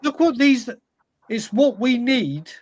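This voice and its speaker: Passionate football fan ranting. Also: male voice, extremely high pitch, sing-song, takes it slowly, darkish tone, poor audio. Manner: passionate, emphatic, repetitive. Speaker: podcast host. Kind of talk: casual football chat.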